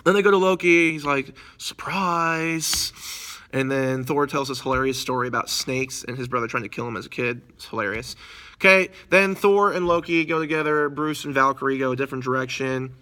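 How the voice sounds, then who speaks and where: A man casually recapping a movie in a review, rambling and excited, full of slang. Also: mid-range voice, brisk.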